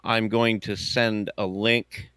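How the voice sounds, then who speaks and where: A man from the United States hosting a casual livestream chat, rambling and halting with many fillers. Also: on the low side, level tone, fairly bright tone, clear, resonant tone, dry recording, clean studio sound. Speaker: podcast host.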